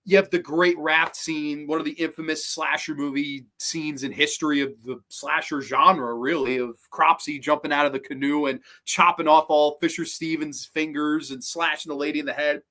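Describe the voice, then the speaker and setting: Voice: mid-range voice, fairly even intonation, normal speed, hardly any pauses, bright, forceful tone. Blunt, profane horror podcast host. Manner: rambling, with frequent restarts and trailing asides. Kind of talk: casual livestream chat reacting to viewers.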